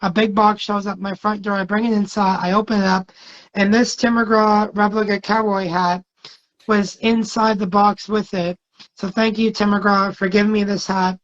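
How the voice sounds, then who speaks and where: A man's voice: sits high, a bit bright. A man, a guest singer, telling long stories in a casual interview, rambling and hesitant with many fillers. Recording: dull lo-fi sound.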